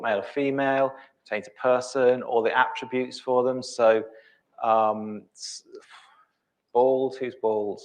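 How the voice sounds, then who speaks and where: A middle-aged man presenting a live software demo, thinking aloud with many ums and restarts. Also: medium pitch.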